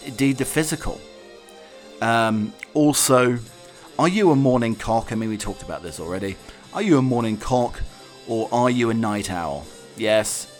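A man hosting a solo chat show, talking in a jokey, meandering, self-mocking way. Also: mid-range voice. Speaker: podcast host.

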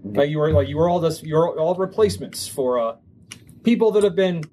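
A man's voice: on the high side, animated, fairly quick, mellow, a little hiss or hum. A man narrating as game master of a tabletop game, talking with many fillers and restarts.

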